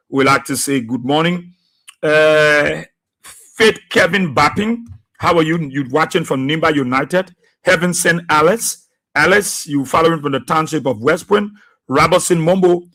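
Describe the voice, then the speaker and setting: Man greeting radio listeners. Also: on the high side. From Liberia. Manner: unhurried, steady listing of names and places with many "uh" pauses. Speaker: radio host. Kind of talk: live radio shout-outs to listeners.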